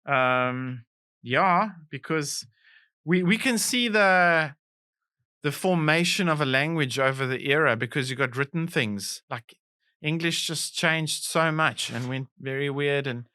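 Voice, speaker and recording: A South African man co-hosting a comedy podcast, playful and quick to chime in during casual chat. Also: on the high side, pushed and bright, clean tone, no room sound, clean studio sound. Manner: playful, quick to laugh, short interjections. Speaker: podcast co-host.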